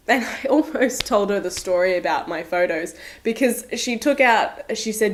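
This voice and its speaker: A woman's voice: medium pitch, lively intonation, moderate pace, hardly any pauses, slight background noise. Young aussie woman rambling through a funny story, self-deprecating, laughs a lot. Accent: Australian. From Australia. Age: young adult. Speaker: vlogger. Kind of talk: casual storytelling vlog.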